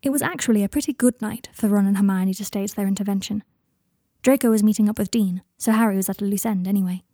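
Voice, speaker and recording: A woman narrating a fan fiction story in a soft, low-key way that drops to whispers. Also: quick pace, no echo, clean studio sound. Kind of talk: audiobook reading of fan fiction.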